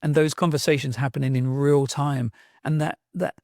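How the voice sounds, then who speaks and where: Being interviewed on a podcast, a middle-aged sound artist from England with a South London accent tells stories with enthusiasm and reflection, often restarting his sentences. He speaks at a moderate pace with a medium, slightly mellow voice and fairly even intonation; the studio sound is clean with no room sound.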